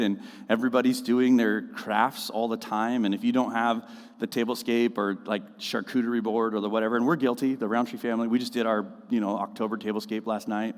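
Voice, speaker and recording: A man's voice: fairly high pitch, a bit bright. A man preaching a casual, conversational sermon as the pastor of his church, joking and slipping into mocking voices. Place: church auditorium. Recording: reverberant church hall.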